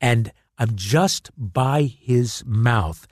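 A man, a guest actor, telling stories in casual chat, animated, repeating words and acting out quotes. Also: medium pitch, extremely slow, no echo, clean studio sound.

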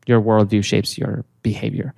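Gravelly young man telling a story. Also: on the low side, flat delivery, moderate pace, mellow. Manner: rambling, many fillers, giggles often. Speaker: podcast co-host telling the story. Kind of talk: casual comedic storytelling.

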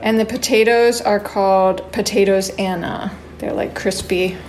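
A woman's voice: medium pitch, steady tone, a little slow, a little mellow, a little hiss or hum. A woman co-hosting a podcast, chatting casually and explaining with light humor. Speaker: podcast co-host.

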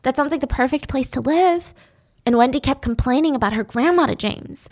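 A woman's voice: high voice, a little fast, darkish tone. A woman telling a story in a chatty, conversational way. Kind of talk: casual storytelling.

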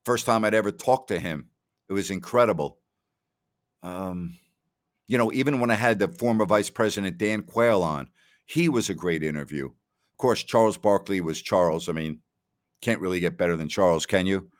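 Speaking at a moderate pace in a low-pitched voice, this middle-aged New Yorker runs a relaxed talk show. He chats with people on the stream and tells stories, frequently repeating words and quoting others.

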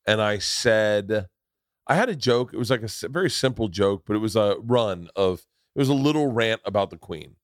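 A man's voice: on the low side, lively intonation, moderate pace, dry recording, clean studio sound. A man hosting a podcast in casual chat, telling stories in a profane, rambling way. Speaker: podcast host.

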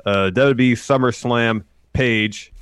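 A man's voice: mid-range voice, slow, a bit bright, clean tone, dry recording, clean studio sound. A man co-hosting a casual news podcast who speaks wryly and skeptically, with frequent filler words. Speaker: podcast co-host. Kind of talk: casual wrestling news chat.

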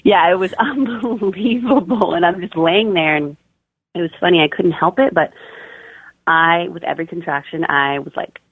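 A woman's voice: sits low, fairly even intonation, normal speed, no echo. A young woman, a first-time mother, tells her birth story as an interview guest in a chatty way, full of "like" and "you know". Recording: tinny, dry phone-line audio.

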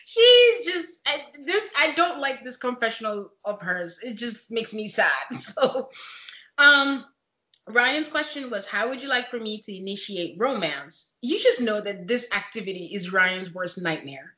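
A woman's voice: on the high side, measured pace, muffled recording. Chatty woman recapping in an echoey room. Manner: chatty, laughs often, animated retelling. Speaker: podcast host. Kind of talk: casual reality-show recap chat.

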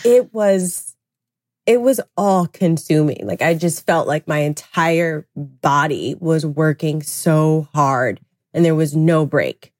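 A woman with a notably low voice recounts a personal experience as a podcast guest. She talks candidly and reflectively, leaning on "like" as she searches for words. The recording is dry and close. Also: slow, dry recording. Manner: candid, reflective, heavy use of "like". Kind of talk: personal storytelling in a podcast interview.

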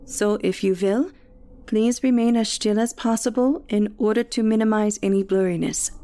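A woman voicing a tall, bearded German male photographer with a German accent, speaking formally and in measured phrases. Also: medium pitch, warm tone, lightly acted. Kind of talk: audio drama reading.

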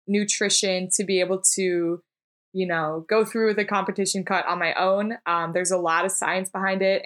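A woman's voice: mid-range voice, fairly bright tone. A woman from Minneapolis hosting a casual podcast, easygoing and agreeable as she chats. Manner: easygoing, agreeable back-channeling. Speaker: podcast host and trainer.

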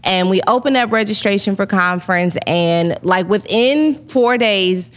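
A woman's voice: medium pitch, unhurried. A woman in her thirties hosting a casual faith talk, telling stories with animation and frequent laughter. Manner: animated storytelling, laughs often.

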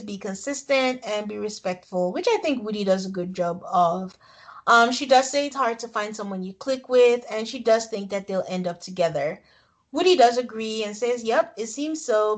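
Higher-voiced woman recapping a reality show. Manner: animated storytelling, frequent laughs. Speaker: podcast co-host. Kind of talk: casual recap chat.

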